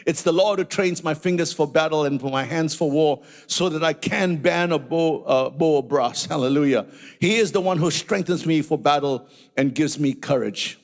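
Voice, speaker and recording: A male pastor delivering a lively sermon, his voice slightly higher than most men's and roughened by a gravelly edge. He tells stories and peppers his preaching with hallelujahs. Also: normal speed. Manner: animated preaching with frequent hallelujahs and storytelling asides.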